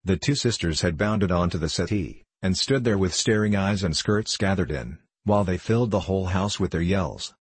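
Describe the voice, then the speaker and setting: Low husky male narrator. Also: dry recording. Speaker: audiobook narrator. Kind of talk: scripted narration.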